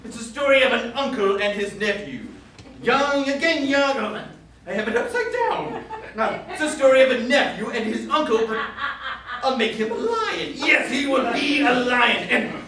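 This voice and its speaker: A man acting out an excitable Victorian author who pitches one odd story after another, his voice very high and swooping. He rambles, keeps repeating "yes, yes" and bursts into theatrical shouts, heard from a distance in an echoey theater with audience laughter. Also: normal speed, full character voice. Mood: eager. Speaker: sketch comedy actor. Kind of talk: live stage sketch comedy. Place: theater stage with live audience.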